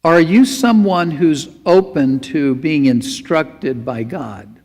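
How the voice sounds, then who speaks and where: Male pastor, earnest sermon, fairly high voice, long hall echo. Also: takes it slowly, a little mellow. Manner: earnest, pleading exhortation.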